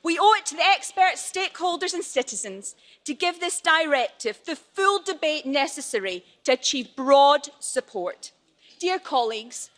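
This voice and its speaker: A woman's voice: sits high, a bit bright. A woman member of parliament giving a formal, earnest plenary speech in opposition, pleading with her colleagues in a parliament chamber.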